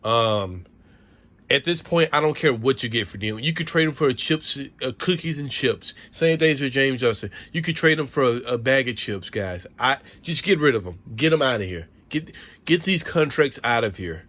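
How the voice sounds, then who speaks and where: An animated man with a mid-range, fairly bright voice rants about sports to his vlog camera at a moderate pace. He's frustrated and profane, repeating himself as he lets off steam.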